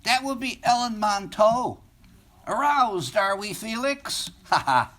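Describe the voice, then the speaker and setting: A man's voice: very high-pitched, a little slow, a bit bright, pitched above the performer's own voice, exaggerated voice. A man voicing a teasing, gum-chewing teenage schoolgirl in a story reading. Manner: mocking, chortling.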